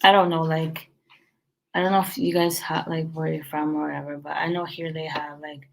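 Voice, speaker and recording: Yawning and worn out, a woman who owns a restaurant shares business tips in a loose, casual chat full of fillers and restarts. She speaks at a moderate pace in a low, gravelly voice with a level tone, on a low-quality recording.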